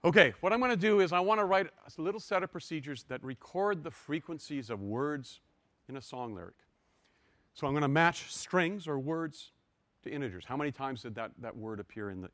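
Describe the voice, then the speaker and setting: A man's voice: a little high, a bit bright, dry recording. An older man giving a university lecture, walking step by step through code with wry, self-deprecating asides.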